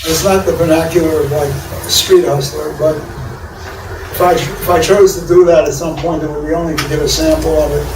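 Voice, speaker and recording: A man's voice: on the high side, steady tone, normal speed. An older man from New York with a New York accent, a poet speaking at a symposium in a meandering, improvised way, full of restarts and wry asides. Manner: digressive, many restarts and fillers, wry laughs. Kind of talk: rambling improvised talk. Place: large echoey university room. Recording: echoey room, far mic, audible hiss.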